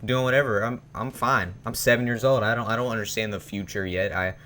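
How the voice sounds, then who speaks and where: A man's voice: lowish voice, steady tone, a little fast, bright, forceful tone. A young man telling a personal story in a rambling, casual way, with many fillers and restarts. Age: young adult. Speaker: vlogger.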